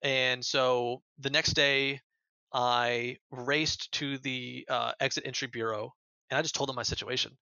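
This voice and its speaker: American man, gravelly, bright edge, dry dull lo-fi recording, podcast guest storytelling. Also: medium pitch, little pitch movement, measured pace, dry recording. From United States. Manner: earnest, stumbles and repeats words while retelling. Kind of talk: casual storytelling interview.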